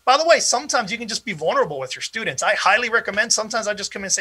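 A man's voice: high-pitched, animated, rapid-fire, few pauses, sharp tone, husky. A man presenting an interactive online workshop to teachers over a video call, casual and encouraging with frequent fillers. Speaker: presenter at an educators' conference.

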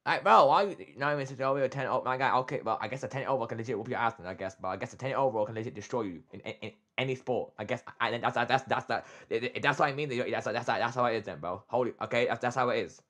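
Excitable bright-voiced young streamer man. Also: medium pitch, very fast, hardly any pauses. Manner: excitable, trash-talks chat, repeats "bro". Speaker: streamer reacting to a video. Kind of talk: casual livestream reaction talk.

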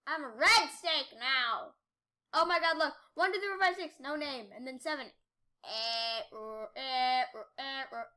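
A young female gaming YouTuber giving screaming gameplay commentary into a desk mic, swinging from mutters to loud shrieking outbursts. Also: high-pitched, a little slow.

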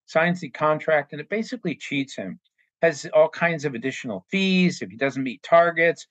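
A man's voice: fairly high pitch, lively intonation, normal speed, a bit bright, dry recording. A man giving an earnest, plain-spoken explanatory talk on forced labor, now and then acting out short quoted exchanges. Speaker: anti-trafficking speaker. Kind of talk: explanatory talk with acted-out dialogue.

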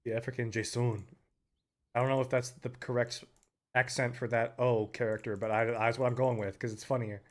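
A young man giving live commentary on a game, excitable, breaking into loud yells and laughter. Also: mid-range voice, brisk. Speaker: game streamer.

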